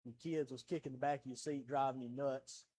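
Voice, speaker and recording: A young adult man with a Southern American accent, preaching a sermon from the pulpit, swinging from quiet storytelling to loud, pleading preaching. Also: medium pitch, steady tone, a little fast, slightly rough. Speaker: pastor. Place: church sanctuary.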